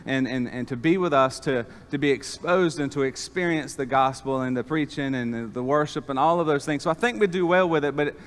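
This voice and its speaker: A man's voice: on the high side, fairly bright tone, clear, resonant tone. Man preaching in a reverberant church. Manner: folksy storytelling with many fillers. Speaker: pastor. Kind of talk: sermon. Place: church sanctuary. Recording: long reverb of a church hall.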